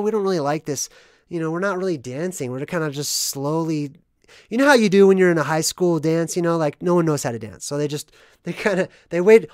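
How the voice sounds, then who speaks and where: Rambling vlog host, mid-pitched, tags every point with "right?", jumps from loud to quiet, dry close sound. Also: no echo. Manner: rambling, constant "right?" tag questions. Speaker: movie analysis vlogger. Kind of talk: casual monologue explaining hidden meanings.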